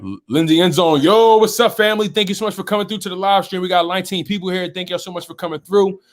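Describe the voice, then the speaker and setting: A man's voice: sits high, fast talker. Philly guy running a sports livestream, reads chat comments and reacts, laid back and chatty. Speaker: live stream host. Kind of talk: casual sports talk live stream.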